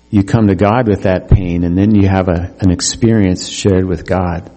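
Preaching man in a reverberant hall. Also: breathy edge. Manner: animated preaching, rising to emphatic highs. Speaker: pastor. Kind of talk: sermon.

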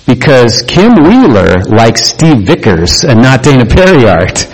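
A man's voice: medium pitch, very animated, unhurried, husky, rough recording. Man preaching a casual, joking sermon. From Oregon. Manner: conversational preaching with jokes and acted quotes. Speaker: pastor.

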